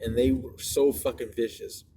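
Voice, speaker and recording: A young man chatting as podcast co-host inside a moving car, telling animated, profane stories. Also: medium pitch, moderate pace, vocal fry, husky. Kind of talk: casual chat. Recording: loud car road noise.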